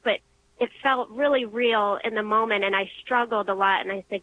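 A young woman calling in to share an emotional personal testimony, earnest and halting, restarting when moved. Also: mid-range voice, steady tone, slight background noise. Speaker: caller. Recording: muffled phone line.

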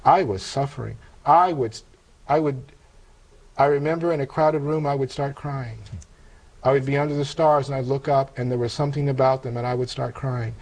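An older man giving a personal testimony in conversation, earnest and reflective, with halting restarts. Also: mid-range voice, fairly even intonation, darkish tone, low-quality recording. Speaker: interview guest telling a conversion story.

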